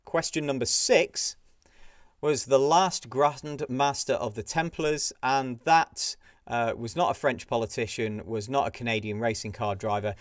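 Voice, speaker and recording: A man runs through quiz answers in a relaxed, chatty way. He often hesitates with fillers and chuckles along. His voice sits in a middle pitch and the sound is dry and close, with no room echo. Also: measured pace. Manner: chatty, giggles at pictures, frequent fillers. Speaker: pub quiz host. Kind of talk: casual live-stream quiz answer run-through.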